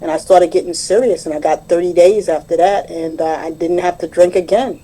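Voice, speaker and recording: A woman speaks at a recovery group meeting, telling a long personal story. She rambles and retells old conversations line by line. Her voice sits a little low and sounds mellow and dark. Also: fairly even intonation, brisk, low-quality recording. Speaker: meeting member sharing. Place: meeting room, recorded online.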